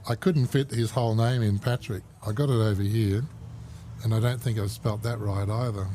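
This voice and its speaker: A man co-hosts lawn bowls coverage, bantering and joking with his partner. His voice sits fairly low. Clear background noise from the outdoor setting runs under his voice. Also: fairly even intonation, normal speed. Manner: jokey, bantering. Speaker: bowls co-commentator. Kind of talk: live sports commentary.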